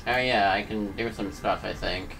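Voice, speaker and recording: A man's voice: lowish voice, fairly even intonation, normal speed, gravelly, over music. A man streaming a video game, chatting casually and joking with his chat as he plays. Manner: laid-back, joking asides to chat. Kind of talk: casual let's-play commentary.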